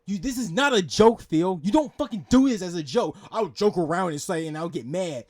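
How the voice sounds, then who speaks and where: A man's voice: sits high, expressive, brisk. A man hosting a reaction video, ranting angrily and swearing as he scolds the person he is reacting to. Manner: yelling, profane, scolding. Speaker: reaction channel host. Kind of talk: angry reaction rant.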